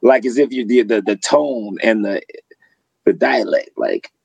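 A man co-hosting a podcast, telling animated, profane stories in casual chat. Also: on the low side, a little slow, gravelly, slightly rough, dry recording, low-quality recording. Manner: animated, profane storytelling with laughs. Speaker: podcast co-host.

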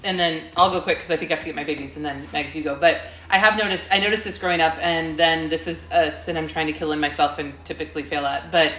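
A woman's voice: deep voice, steady tone, fast talker, hardly any pauses, a bit bright, roomy sound, a little hiss or hum. A woman speaking reflectively in a casual chat.

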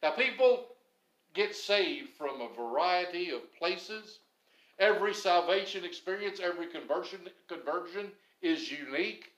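A man preaching a sermon as pastor, stressing some phrases loudly and dropping others low and quiet. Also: animated, unhurried, echoey room, poor audio. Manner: emphatic, swings between loud stresses and low quiet phrases.

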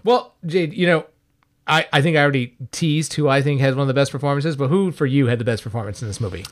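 A man co-hosting a casual podcast, reviewing a movie in an animated, emphatic way and swearing freely. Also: medium pitch, fast talker. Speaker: podcast co-host. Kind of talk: casual film review chat.

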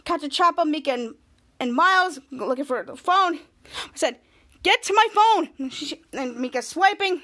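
High bright-voiced woman recapping a show. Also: lively intonation, normal speed. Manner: retells scene by scene with repeated "cut to", acts out lines. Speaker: podcast host. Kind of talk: casual episode recap.

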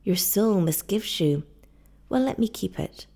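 A woman's voice: medium pitch, expressive, a little slow, vocal fry, mellow. A woman voicing a poor, old, coughing stranger in an audiobook reading, grave and stern. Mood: kindly.

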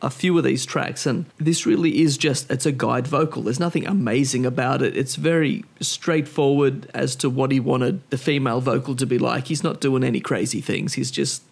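A man's voice: mid-range voice, fairly even intonation, moderate pace, creaky, few pauses. A man on a music podcast giving blunt, plain opinions in casual chat.

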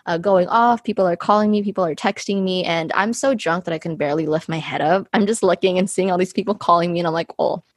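A woman's voice: lowish voice, fast talker, few pauses, no room sound, clean studio sound. A young woman hosting a podcast, telling a story in a casual, chatty way and filling her talk with "like" and "um.". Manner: chatty, filler-heavy, uses "like" constantly. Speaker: podcast host.

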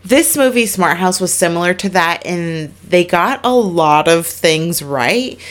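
Young woman, podcast co-host, casual chat, slightly low voice, giggly. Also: expressive. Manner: chatty, giggly, quick asides.

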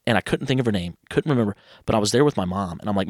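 Guy in his 30s rattling off stories, fast, lowish voice, dry sound. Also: dry recording. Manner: animated, quotes others in quick asides. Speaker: guest. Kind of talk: casual storytelling.

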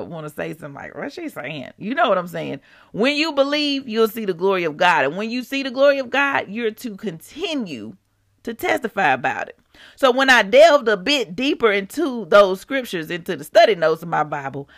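A woman's voice: on the low side, dry recording. Emotional preacherly woman, dry close voice. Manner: informal, preacherly, repeats phrases for emphasis; grows emotional, shifts between soft and raised. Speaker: podcast host. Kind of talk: devotional podcast talk.

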